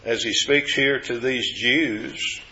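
A man delivers a sermon in a bright, forceful voice, earnest and careful in his explanations. He lifts his pitch whenever he quotes scripture. The sound is dull and lo-fi, and it echoes around a roomy church. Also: fairly even intonation, slow. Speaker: preacher.

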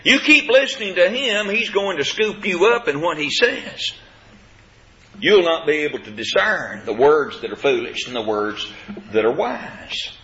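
A preacher delivers a sermon with lively, swooping pitch and a bright, forceful tone. He leans hard on key words and reads the old scripture in measured cadence. The recording is dull and lo-fi. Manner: emphatic, rising to forceful stresses on key words. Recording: dull lo-fi sound.

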